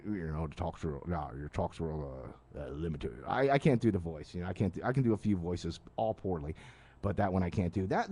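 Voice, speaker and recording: Male radio host, late-night live rant, animated pitch, casual and rambling. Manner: animated, casual, frequent restarts and asides. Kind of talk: live ranting monologue. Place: live stream studio at night.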